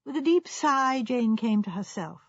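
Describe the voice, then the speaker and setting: A woman reading an audiobook aloud in a measured, expressive manner. Her voice is breathy and fairly high, set in a dry, dull-sounding recording. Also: dry recording. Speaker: audiobook reader. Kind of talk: scripted narration.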